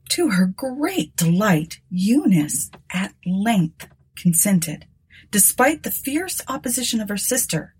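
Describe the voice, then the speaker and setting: A woman reading a gothic story aloud with a husky, breathy voice set fairly low. Her delivery is dramatic and lively, rising and falling widely through each sentence. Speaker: audiobook narrator. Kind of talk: scripted narration of a gothic story.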